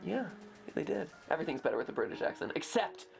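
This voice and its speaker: Excitable man co-hosting a game stream. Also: fairly high pitch, vocal fry. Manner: excitable, quick to exclaim. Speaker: gaming livestream co-host. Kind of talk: playful livestream chat. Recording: game stream with music behind.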